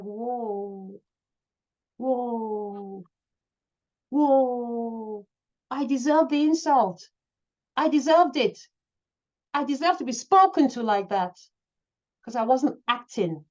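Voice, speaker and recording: A woman coach giving an emphatic motivational talk to an online group, building up to near-shouting. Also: medium pitch, highs cut off. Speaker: coach hosting a live session.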